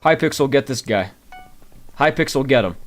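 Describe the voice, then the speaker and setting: A man's voice: medium pitch, moderate pace. A man doing live gameplay commentary, grumbling and talking to his chat. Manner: animated, grumbling, talks to chat. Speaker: game streamer.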